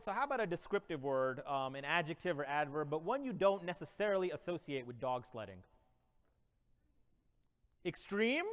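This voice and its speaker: A man's voice: high voice, a bit bright. A man in his forties giving a keynote, improvising a comedic motivational story with playful energy and frequent laughter. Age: 40s. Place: large conference hall. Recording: long reverb of a large conference hall.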